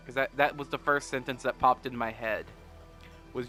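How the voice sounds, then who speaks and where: Rambling, jokey young man with a bright voice. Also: mid-range voice, normal speed, pauses often, faint music behind. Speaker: gaming commentator. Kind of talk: let's play commentary.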